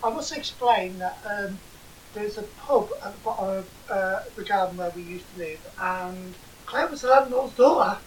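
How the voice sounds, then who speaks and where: A woman's voice: mid-range voice, normal speed. An English woman, probably in her forties, co-hosting a podcast and telling stories in a dry, sarcastic way. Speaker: podcast co-host. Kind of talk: casual banter. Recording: distant mic with faint hiss.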